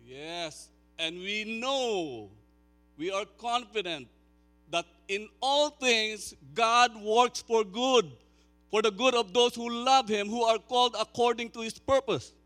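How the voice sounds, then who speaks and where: Pastor, 60s, male, slow unhurried sermon delivery with loud emphatic peaks, faint hum behind. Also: very high-pitched, soft background music. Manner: chatty asides to the congregation.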